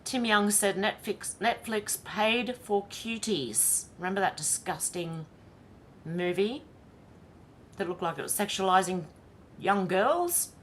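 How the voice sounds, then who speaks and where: A woman's voice: mid-range voice, lively intonation, slow pace, a little hiss or hum. Chatty Australian woman livestreaming. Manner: chatty, reads comments aloud and reacts with laughs. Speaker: livestream host. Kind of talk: casual livestream commentary.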